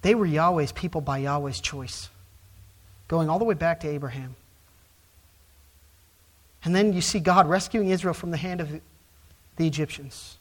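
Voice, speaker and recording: A man preaching a sermon from the pulpit. His delivery rises to loud, emphatic stresses on key words and then drops back to low, quiet phrases. The pace slows for emphasis and speeds up for asides. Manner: emphatic preaching with wide swings from soft to loud. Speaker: pastor.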